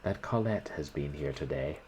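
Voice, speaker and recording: A man's voice: rumbling low, expressive, moderate pace, a little mellow, slight background noise, rough recording. A man reading aloud and voicing a young painter who speaks with forced cheer and unconcern. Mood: cheerful.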